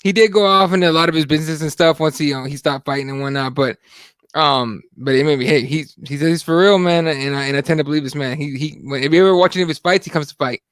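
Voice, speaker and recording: Laid-back podcast co-host, dry sound. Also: male voice, fairly high pitch, fast talker, fairly bright tone, dry recording. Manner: laid-back, wraps up segments. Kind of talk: casual podcast chat.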